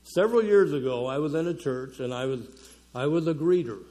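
Guy giving a folksy sermon, kinda high voice, lots of um and you know. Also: expressive, fairly quick, warm tone. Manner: folksy, chatty preaching with fillers and chuckles. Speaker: conference speaker. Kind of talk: conversational sermon.

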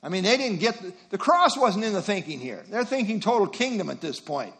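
A man's voice: sits high, big pitch swings, brisk, a bit bright. An older man preaching an expository sermon, teaching through verse references and rhetorical questions.

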